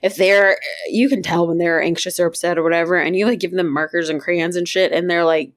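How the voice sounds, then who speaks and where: A woman's voice: on the low side, flat delivery, fairly quick. A woman co-hosting a podcast in casual chat, chatty and swearing freely, with many fillers and laughs. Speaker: podcast co-host.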